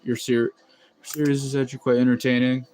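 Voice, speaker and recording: A man's voice: mid-range voice, little pitch movement, fairly quick, a little mellow. A man chatting casually on a live stream, rambling and laughing often as he reacts to chat. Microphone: phone.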